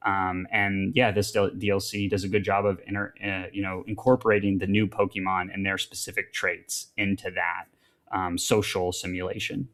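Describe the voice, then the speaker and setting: A man talks through a game review on a podcast in a fairly low voice. He rambles, circling back with fillers and restarts. The chat stays loose and casual. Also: flat delivery, normal speed, fairly bright tone.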